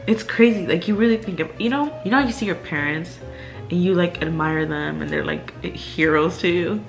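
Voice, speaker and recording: A woman's voice: lowish voice, normal speed, vocal fry, soft background music. A young woman vlogger talking candidly at home in a chatty way, with lots of fillers and laughs. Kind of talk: casual chat. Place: indoors at home.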